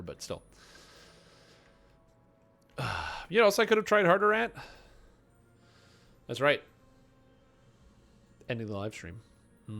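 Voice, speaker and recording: A man's voice: on the low side, a bit bright. A young man, a game streamer chatting casually and answering his chat with rambling, self-mocking jokes. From Canada.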